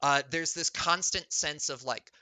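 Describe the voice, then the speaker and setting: A man's voice: on the high side, measured pace, bright, forceful tone, no echo. A man narrating as game master in a loose, filler-heavy way.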